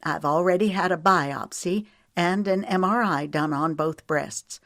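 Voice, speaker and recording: A woman's voice: lowish voice, unhurried, fairly bright tone, dry recording, studio quality. A woman narrator voicing a frightened mother whose voice trembles as she breaks hard news.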